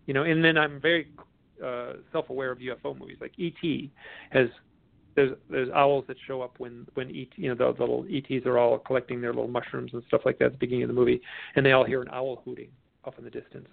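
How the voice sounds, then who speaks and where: A man, a guest author, telling stories in a casual interview, animated and often restarting his sentences, heard over a phone line. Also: medium pitch, quick pace, gravelly, no echo. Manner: animated storyteller, restarts a lot. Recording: tinny dry phone line.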